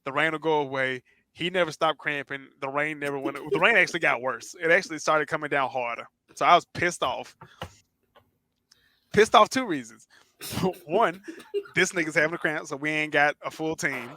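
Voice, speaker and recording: A man co-hosting a podcast, telling a long story in casual chat, acting out quotes loudly and swearing freely. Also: on the high side, normal speed, no room sound. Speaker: podcast co-host.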